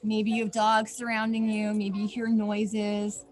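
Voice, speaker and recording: A young woman leading a yoga class for children outdoors in a snowy backyard, giving gentle instructions with playful asides. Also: medium pitch, monotone, a little slow, background noise. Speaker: yoga teacher.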